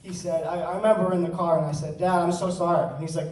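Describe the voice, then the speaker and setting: This young student speaker, in his teens, has a high, darkish-toned voice and talks briskly to an audience in a large hall, earnestly sharing personal stories with joking asides. The recording is roomy from a distant mic, with slight hiss or hum.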